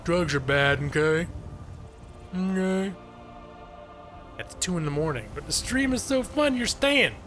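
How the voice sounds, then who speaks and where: Streaming a game live, this man keeps things chatty and self-deprecating, cracking jokes about himself. His high-sitting, slightly bright voice has lively intonation, a somewhat slow pace and long pauses, with faint music underneath.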